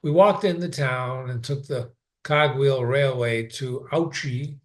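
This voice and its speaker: A man reading a novel aloud in an unhurried way, sometimes stopping for a brief aside of his own. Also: medium pitch. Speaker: reader.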